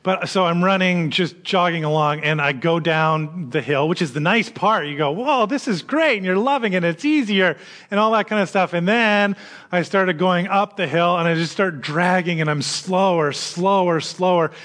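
Animated man preaching a sermon. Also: high voice, normal speed. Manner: animated, swinging between quiet reflection and lively emphasis; conversational storytelling. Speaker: pastor.

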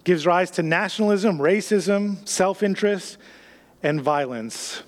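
A man's voice: high voice, a little slow. A man preaching a sermon in an earnest way, reading scripture aloud, with some restarts. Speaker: pastor.

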